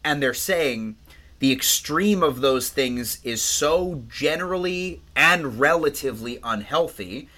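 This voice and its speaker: A man co-hosting a podcast in casual chat, telling stories in a rambling, profane, animated way. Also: mid-range voice, slow. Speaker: podcast co-host.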